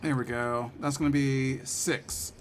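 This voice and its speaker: A man playing a tabletop game, talking quickly and casually, often laughing. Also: medium pitch, steady tone, a little hiss or hum. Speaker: player.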